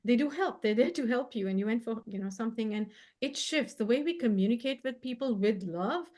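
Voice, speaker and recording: A woman appearing as a guest healer in a casual chat, speaking gently and warmly. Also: on the high side, expressive, brisk.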